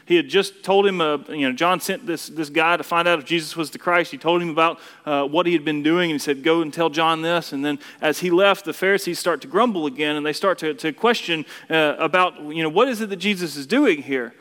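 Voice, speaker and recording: A man's voice: fairly high pitch, fairly quick, few pauses, a bit bright. A man preaching a casual, conversational sermon, often repeating words as he builds each point. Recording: long reverb of a hall.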